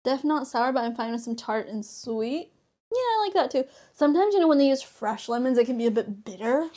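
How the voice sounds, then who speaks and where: A young woman with a fairly high voice talks casually while she crafts on stream. She is chatty, laughs easily and acts out the lines of the people in her stories. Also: expressive, brisk, warm tone. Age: young adult. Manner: chatty, laughs often, acts out dialogue in storytelling.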